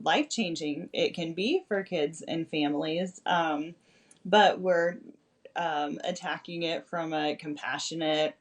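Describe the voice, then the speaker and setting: A woman with a somewhat low voice talks on a podcast in a casual, considered way. She pauses often and fills the gaps with ums. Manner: thoughtful, halting with many ums. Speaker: behavior analyst and podcast co-host.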